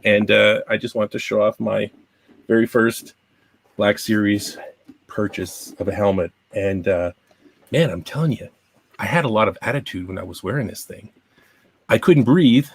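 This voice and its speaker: Middle-aged Canadian male host, deep-ish voice, rambly casual delivery, still a bit under the weather. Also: moderate pace, vocal fry, pauses often, slight background noise. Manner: rambling, chatty, self-deprecating. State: recovering from a cold. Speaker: podcast host. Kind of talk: casual podcast chat.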